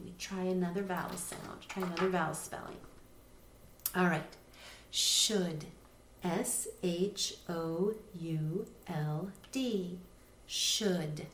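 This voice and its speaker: A woman's voice: medium pitch, a little mellow, roomy sound, slight background noise. A woman teacher giving a patient recorded phonics lesson to young children, spelling words out letter by letter. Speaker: reading teacher.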